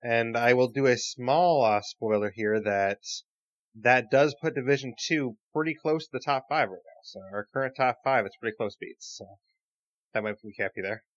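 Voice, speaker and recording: A man's voice: medium pitch, normal speed, no room sound, highs cut off. A man hosting a casual gaming podcast, steering the panel and calling on each guest in turn. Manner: steers the discussion, calls on panelists. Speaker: podcast host.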